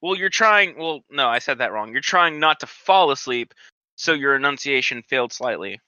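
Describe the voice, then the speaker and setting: Male podcast co-host, playful teaser, very bright and dry. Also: medium pitch, expressive, normal speed, clean tone, no room sound, muffled recording. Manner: playful, teasing. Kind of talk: casual group chat.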